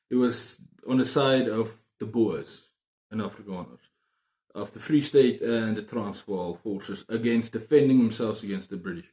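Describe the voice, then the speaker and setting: Excitable man, roomy sound. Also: medium pitch. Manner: excitable, repeats words and phrases. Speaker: book vlogger. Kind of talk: casual book review chat. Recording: roomy echo.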